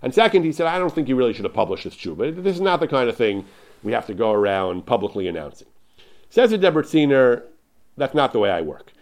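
Male Torah lecturer, mid-pitched, informal, animated retelling with many restarts. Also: fast talker. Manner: animated retelling, repeats "he says", frequent restarts.

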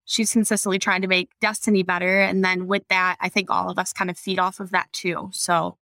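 A woman's voice: fairly low pitch, little pitch movement, brisk, creaky, bright, forceful tone, dry recording. Earnest woman in casual podcast chat. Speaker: employee, podcast guest.

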